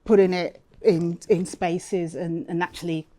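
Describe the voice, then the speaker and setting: Mellow-voiced woman moderating a panel. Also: on the low side, flat delivery. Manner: halting, searching for words. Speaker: interviewer, academic.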